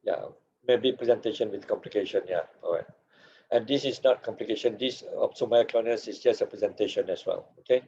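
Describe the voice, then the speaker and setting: A man teaching a seminar as a paediatrics lecturer, losing his voice, with a hoarse tone and frequent "okay" and "yeah" tags. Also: on the low side, fairly quick, mellow, muffled recording. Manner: accented English, drops "okay" and "yeah" tags.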